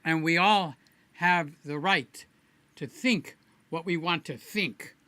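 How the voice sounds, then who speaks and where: Bright-voiced man rambling on a live stream. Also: a little high, takes it slowly, smooth, dry recording. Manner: rambling, playful, addresses viewers by name. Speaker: livestream host. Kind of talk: casual live-stream chat.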